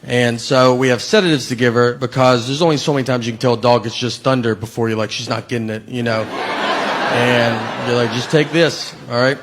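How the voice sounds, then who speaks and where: A middle-aged man doing a deadpan, self-deprecating stand-up routine on a theater stage. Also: medium pitch, a little fast, slight background noise. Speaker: stand-up comedian. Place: theater stage before a laughing audience. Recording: live show with audible crowd.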